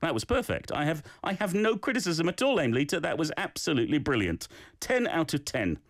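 Male radio host, playful and encouraging, animated delivery, dry close studio sound. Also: fairly high pitch, fairly quick, dry recording. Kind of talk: hosting a radio language segment.

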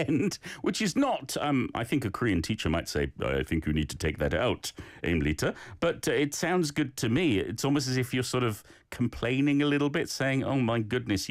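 A man's voice: mid-range voice, dry recording. A man teaches a short Korean sentence, with lots of rise and fall in his voice. He goes through listeners' clips one by one and praises their flow and pronunciation. The sound is close and dry, with no room around it. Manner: encouraging, gives feedback on learners' recordings. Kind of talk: casual language lesson.

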